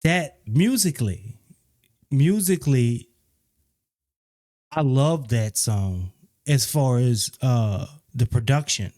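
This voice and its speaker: A man giving a casual, opinionated spoken album review, often repeating himself and growing animated when he criticizes. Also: mid-range voice. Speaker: music reviewer.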